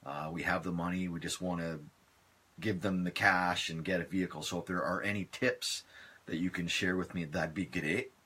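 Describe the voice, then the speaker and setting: A man hosting a casual live stream from his phone, chatting in a relaxed, rambling way as he answers viewer comments. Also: sits low, moderate pace, husky.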